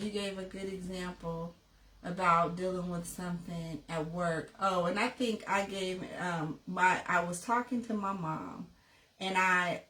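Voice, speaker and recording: A woman's voice: fairly low pitch, a bit bright, a little hiss or hum. Reflective woman coach in an echoey room. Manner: reflective, tells personal stories. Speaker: couples and personal development coach. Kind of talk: casual conversation on a podcast. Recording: echoey room, distant from the mic.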